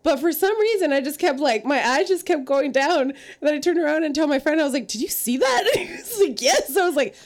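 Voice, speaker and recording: High, lively woman telling stories. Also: quick pace, few pauses. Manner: laughing, storytelling, blunt. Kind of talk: casual group chat.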